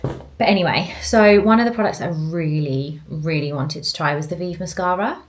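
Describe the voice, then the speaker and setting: A young woman talks in a relaxed, rambling way, her voice sitting a little low for a woman. She chats casually to a handheld camera at home and keeps reaching for "like" as she goes. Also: moderate pace, slight background noise. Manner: chatty and rambling, fills with "like". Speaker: vlogger. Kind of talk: casual vlog chat to camera.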